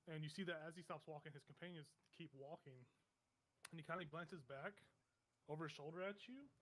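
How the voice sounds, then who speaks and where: A man's voice: fairly high pitch, brisk, a bit bright. A man narrating a tabletop game as game master, describing scenes vividly in a meandering way full of fillers.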